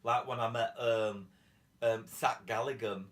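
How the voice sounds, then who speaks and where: A man's voice: mid-range voice, fairly even intonation, unhurried, a bit bright. A man, hosting a jokey bedroom chat, cheeky and prone to sudden squealing impressions. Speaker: comedian host. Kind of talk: comic chat in bed.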